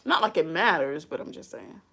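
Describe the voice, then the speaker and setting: A woman's voice: low-pitched, lively intonation, fairly quick, gravelly, fairly bright tone, breathy edge. A woman giving casual advice in a vlog, sassy and chatty, often breaking into laughter. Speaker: advice vlogger. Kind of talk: casual chat.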